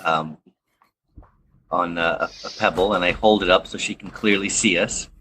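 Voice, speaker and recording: A man's voice: low-pitched, steady tone, normal speed, pushed and bright, slight background noise. A man playing a tabletop game, asking questions and speaking his character's lines in a slightly formal way. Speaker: player. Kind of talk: casual play at the table.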